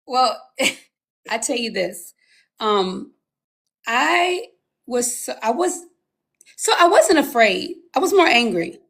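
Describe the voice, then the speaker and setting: High, gravelly-voiced woman telling her story. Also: takes it slowly, pauses often. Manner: animated storytelling, acting out her own past words. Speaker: guest. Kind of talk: personal testimony in an interview.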